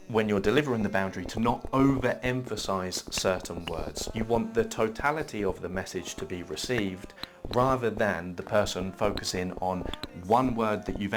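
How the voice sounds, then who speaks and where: A man calmly teaching how to state a boundary, reading example sentences aloud in an instructional video. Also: lowish voice. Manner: calm, measured, reads example sentences aloud. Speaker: self-help teacher. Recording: loud background music.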